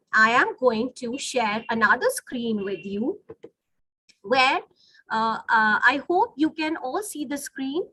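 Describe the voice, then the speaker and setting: A woman's voice: sits high, bright, forceful tone, husky, no room sound, low-quality recording. A woman teaching phonetics in an online webinar, patiently correcting pronunciation and often checking that the class follows. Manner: patient, corrects words slowly with repeated checks. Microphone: video call.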